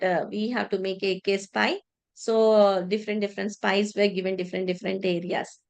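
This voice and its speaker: A woman telling a devotional story in a religious class, halting with many restarts and repeated words. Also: medium pitch.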